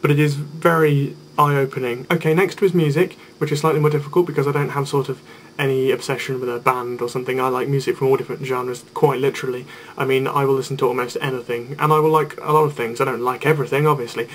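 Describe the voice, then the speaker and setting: A man's voice: mid-range voice, little pitch movement, fast, slight background noise. A young man chatting in a playful, rambling way on his video blog, with jokey asides. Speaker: vlogger. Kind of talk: casual vlog chat.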